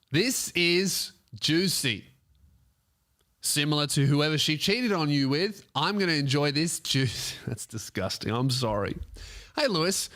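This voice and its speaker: A male podcast host with a bright, forward tone that sits a little higher than most men's. He reads a listener's letter aloud in a loose, comedic way and keeps cutting in with playful remarks. His delivery stays casual and animated. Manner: joking, animated asides between reading.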